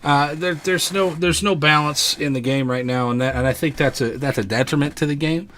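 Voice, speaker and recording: A man hosting a live gaming podcast, telling stories in a rambling, animated way with many restarts. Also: on the high side, a little fast, slight background noise. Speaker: podcast host.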